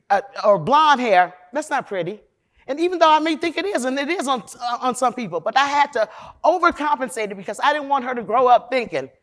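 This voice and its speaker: Her voice on the high side, a Chicago, USA defense lawyer speaks straight to a conference crowd. The talk is candid and profane, delivered loudly, emphatically, and with strong opinions.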